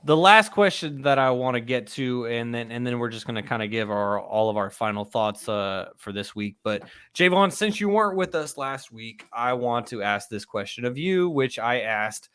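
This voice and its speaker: A man's voice: medium pitch, lively intonation, moderate pace, hardly any pauses, a bit bright, clear, resonant tone. A man hosting a casual sports podcast, steering the talk between questions and teasing his co-hosts. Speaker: podcast host.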